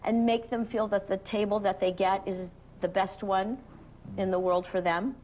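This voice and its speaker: A woman working as a restaurant maître d', chatting in a brisk, accommodating way. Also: medium pitch, steady tone, darkish tone, highs cut off, a little hiss or hum. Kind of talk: casual on-location chat.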